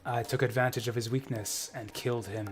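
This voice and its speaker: A man's voice: medium pitch, steady tone, brisk, lightly acted. A man reading as a formal duty-bound maid. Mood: confessing. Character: composed young woman maid, duty-bound.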